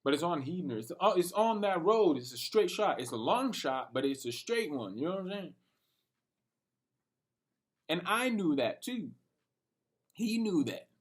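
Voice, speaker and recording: A young man telling a rambling, animated story about his night, full of slang and cursing. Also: on the high side, a little slow, pauses often. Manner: rambling and animated, talking to himself with lots of slang and profanity. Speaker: vlogger. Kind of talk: late-night personal rant.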